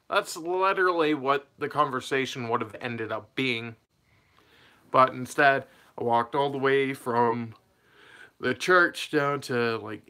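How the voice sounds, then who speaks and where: A man's voice: medium pitch, sharp tone. A young man telling a personal story in a casual, rambling way, laughing mid-sentence and losing his train of thought.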